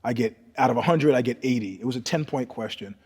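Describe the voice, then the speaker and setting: An older New Yorker with a husky, slightly breathy voice is a guest telling profane stories in a casual interview, at a quick pace. He swings from loud, animated bursts to low, hushed asides, and a long reverb fills the room behind him.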